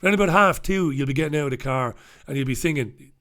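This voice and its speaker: A man's voice: fairly high pitch, quick pace, fairly bright tone. Swearing British man riffing solo. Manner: swearing, rambling, sings snatches of songs. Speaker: host. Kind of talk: comic newspaper review monologue.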